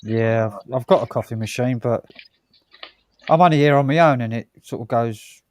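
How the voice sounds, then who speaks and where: A man's voice: medium pitch, moderate pace. Easygoing man in casual chat. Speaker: stream participant.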